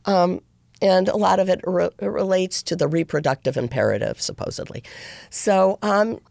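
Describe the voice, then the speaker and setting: Gravelly-voiced woman telling a story. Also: lowish voice, normal speed, a little mellow, no room sound. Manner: rambling, circuitous, many restarts. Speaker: podcast guest. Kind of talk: casual interview storytelling.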